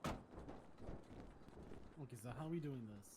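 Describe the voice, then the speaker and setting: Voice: medium pitch, animated, normal speed, darkish tone, slight background noise. Playful teasing roleplayer. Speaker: tow truck driver roleplayer. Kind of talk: casual roleplay chat. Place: inside a tow truck.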